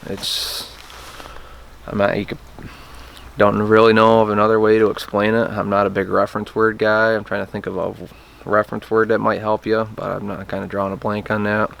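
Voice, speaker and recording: A man's voice: fairly low pitch, completely flat delivery, a little fast, creaky, a bit bright. A man casually teaching a hands-on technique, plainspoken and hesitant, often restarting his sentences. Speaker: turkey call instructor. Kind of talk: casual how-to demonstration.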